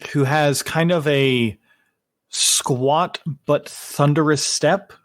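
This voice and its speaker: Slow, unhurried male game master. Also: on the high side, no room sound, clean studio sound. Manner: unhurried, with frequent fillers and self-corrections. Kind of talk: narrating a tabletop game.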